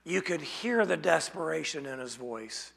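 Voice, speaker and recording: A man preaching an expository sermon, speaking slowly and deliberately and asking rhetorical questions. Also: fairly high pitch, animated, vocal fry, a bit bright, slightly rough. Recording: long hall reverb.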